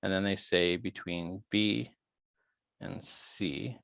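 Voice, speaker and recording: Gravelly low-voiced man teaching online. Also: fairly even intonation, slow pace, a bit bright, no echo. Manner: chatty, thinks aloud. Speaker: biology lecturer. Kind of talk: online lecture working through quiz questions.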